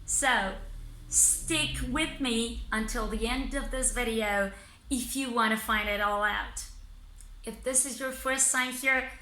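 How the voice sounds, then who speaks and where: A woman teaching English in a scripted lesson, speaking slowly and deliberately and pausing between phrases. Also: a little high, sharp tone, reverberant, low-quality recording. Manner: slow, deliberate, pausing by thought groups.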